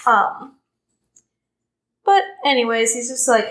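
A woman's voice: fairly high pitch, animated, moderate pace, low-quality recording. A young woman co-hosting a podcast, chatting casually about a book with lots of filler words. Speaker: podcast co-host.

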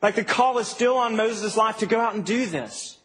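High-voiced casual young preacher. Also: male voice, moderate pace. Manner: casual, animated, humorous preaching. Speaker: pastor. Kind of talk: sermon. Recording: reverberant hall, faint ambient noise.

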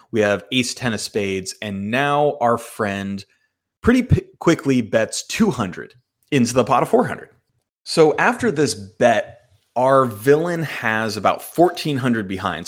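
Self-mocking man hosting a podcast. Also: mid-range voice. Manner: self-mocking, animated storytelling. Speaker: podcast host. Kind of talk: solo podcast hand review.

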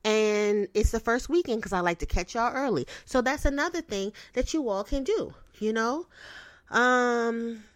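A woman's voice: on the high side, expressive, a little slow, no echo. A young woman hosting a podcast, giving blunt, profane, streetwise advice in a casual way. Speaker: podcast host.

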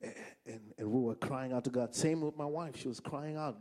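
Brief: male preacher from Africa, slightly high voice, animated and funny, repeats for punch. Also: brisk, few pauses. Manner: animated, humorous storytelling with emphatic repetition. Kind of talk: sermon.

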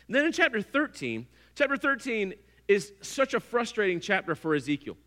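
Male preacher with a bright, forceful voice, playful and animated, in an echoing hall. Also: high-pitched, normal speed. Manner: animated, humorous storytelling. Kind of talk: sermon.

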